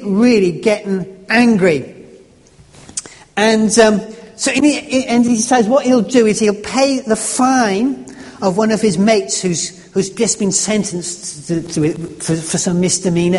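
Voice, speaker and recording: A man preaching a sermon, telling a story in an earnest, halting way with frequent restarts. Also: sits high, darkish tone. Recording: echoey hall.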